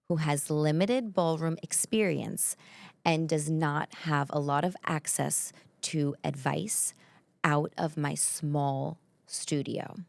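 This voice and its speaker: A woman's voice: sits low, gravelly, no room sound. A woman with an accent co-hosting a casual chat, telling stories animatedly and acting out quoted voices. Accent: non-native English. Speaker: podcast co-host.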